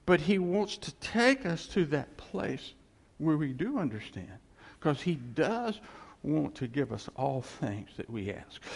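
A male preacher delivers a sermon in an animated, storytelling way, his voice sitting a little high and swinging widely in pitch. The tone is gravelly, and a long reverb from a large hall trails behind his words. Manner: animated storytelling, acts out quoted voices, chuckles.

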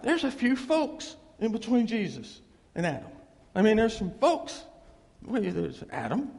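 A man preaches an informal sermon in a folksy, lively way. His voice sits high and gravelly and swings widely in pitch. A long hall reverb trails after his words. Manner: folksy, animated, acts out dialogue, chuckles often.

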